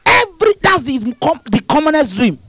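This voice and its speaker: A man preaching and praying over a congregation, shouting repeated prayer lines with passion. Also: extremely high pitch, very animated, normal speed, dry recording, poor audio. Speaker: pastor.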